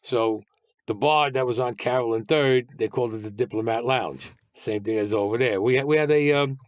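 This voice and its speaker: A man's voice: medium pitch, fairly quick, dry recording. A man telling his own story as a podcast guest, in a blunt, streetwise way and mostly in the present tense. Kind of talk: storytelling interview.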